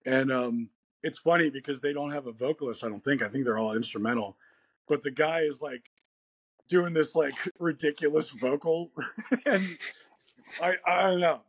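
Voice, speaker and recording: Rambly american guy in an interview, husky voice, laughs a lot, dead dry sound. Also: on the high side, normal speed, dry recording. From United States. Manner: laid-back, rambling, laughs often. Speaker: guest musician. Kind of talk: casual interview chat.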